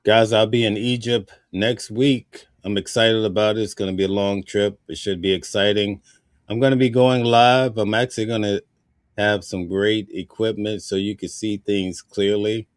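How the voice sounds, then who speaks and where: Guy hosting a live news stream, lowish voice, dry close sound. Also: fairly even intonation, moderate pace, dry recording. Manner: conversational, reads viewer comments aloud. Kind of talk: casual news chat.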